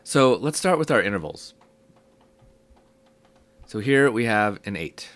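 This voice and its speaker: A young man with a sick, hoarse voice, casually teaching a music theory lesson step by step. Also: on the low side, measured pace, dry recording. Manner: relaxed, explaining step by step with fillers.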